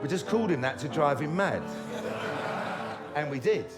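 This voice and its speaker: Cheeky middle-aged storyteller, slightly higher voice, comic monologue. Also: male voice, lively intonation, normal speed, over loud music. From London. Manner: wry, cheeky, conversational.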